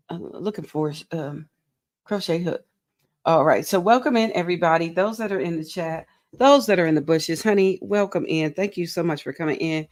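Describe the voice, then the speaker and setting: A woman's voice: lowish voice, a little mellow. A tired, goofy woman hosting a casual crochet livestream, giggling often as she greets viewers and reads chat aloud. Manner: goofy, playful, self-mocking.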